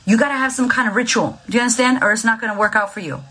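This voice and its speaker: A woman's voice: a little high, rapid-fire, pushed and bright, slightly rough. A woman, likely in her thirties, giving blunt, profane mental health advice in a casual, emphatic coaching monologue.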